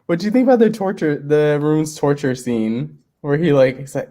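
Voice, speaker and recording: A woman guest in a casual book chat, animated and laughing often as she quotes characters. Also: sits low, fairly quick, few pauses.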